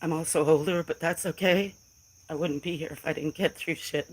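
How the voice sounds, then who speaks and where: A woman's voice: low-pitched, fairly even intonation, normal speed, poor audio. A middle-aged woman on a casual phone livestream, talking back to trolls in chat in a defiant, emotional way. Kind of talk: casual live stream talk to chat.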